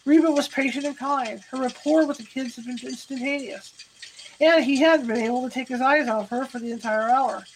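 A woman reading a novel aloud in a high, light voice, stopping to fix her own slips as she goes. Faint background noise runs underneath. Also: brisk, poor audio. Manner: self-correcting as she reads. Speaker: audiobook narrator.

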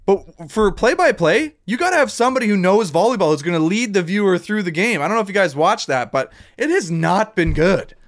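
Animated high-pitched man ranting. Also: a little fast, few pauses. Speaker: podcast host. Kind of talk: casual chat.

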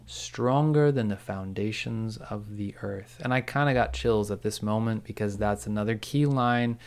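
A man's voice: mid-range voice, clear, resonant tone. A man co-hosting a podcast, enthusiastically retelling scenes and quoting lines in casual chat. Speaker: podcast co-host. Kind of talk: casual recap discussion.

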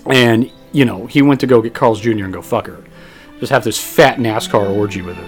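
A young man co-hosting a podcast, telling a long story in a rambling, profane, animated way. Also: fairly low pitch, brisk, faint music behind. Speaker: podcast co-host.

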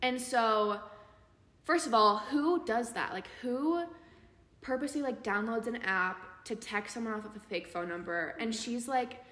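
In an echoey room with long reverb, a young female podcast co-host chats casually through a story, leaning heavily on "like" as a filler. Her fairly high voice runs at a moderate pace and sounds pushed and bright.

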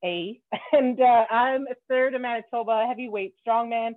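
A playful woman hosting a casual podcast interview, bubbly and quick to laugh. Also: on the high side, dry recording. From Canada. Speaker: podcast host. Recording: tinny phone-like line.

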